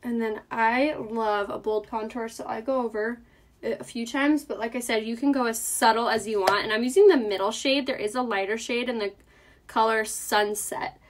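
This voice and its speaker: Chatty woman host, slightly high voice, live makeup demo while reading viewer comments. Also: moderate pace, slight background noise. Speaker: makeup seller.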